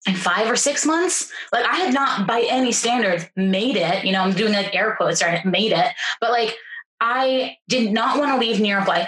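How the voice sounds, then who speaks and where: A young adult woman, a podcast guest, telling a personal story in a casual, animated way, with frequent fillers and repeated words. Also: medium pitch. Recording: roomy echo.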